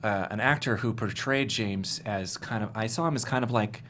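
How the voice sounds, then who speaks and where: A man's voice: on the low side, normal speed, a bit bright, a little hiss or hum. A man in his thirties from Maryland, a writer-director talking earnestly about his film in a studio interview. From Maryland, USA. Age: 30s. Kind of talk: casual interview chat.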